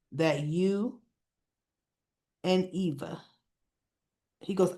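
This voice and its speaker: A woman's voice: medium pitch, a little mellow. A woman hosting a casual soap opera recap, retelling scenes and acting out the characters' lines in a chatty way. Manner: chatty, addresses viewers as y'all.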